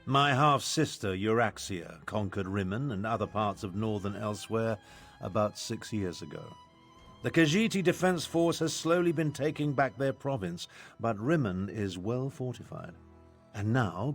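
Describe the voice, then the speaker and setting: An actor playing a pompous, self-important older imperial battle mage in a video game, lecturing with an air of superiority. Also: male voice, fairly low pitch, animated, unhurried, faint music behind. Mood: explaining.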